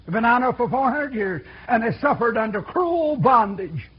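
A man's voice: extremely high pitch, animated, normal speed, slightly rough, highs cut off. A man preaching a sermon in a folksy, repetitive style, calling out to his congregation.

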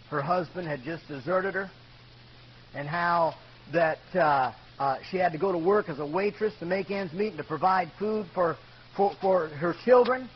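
High-voiced, emphatic preacher man. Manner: emphatic, calls for amens, swings from loud to hushed. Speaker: pastor. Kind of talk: sermon. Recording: dull lo-fi recording with faint hum.

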